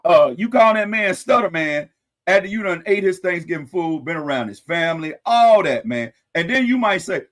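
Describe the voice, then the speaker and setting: Animated man hosting a live stream. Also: high voice, normal speed. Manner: animated, folksy sayings, wry asides to viewers. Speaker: host. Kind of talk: casual commentary on a live stream.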